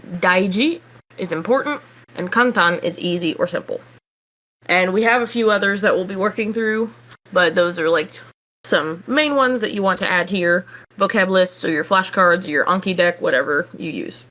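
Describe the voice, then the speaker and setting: A woman's voice: lowish voice, normal speed. Chatty woman teaching a language lesson. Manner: relaxed, chatty explaining with casual fillers. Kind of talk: casual online language lesson.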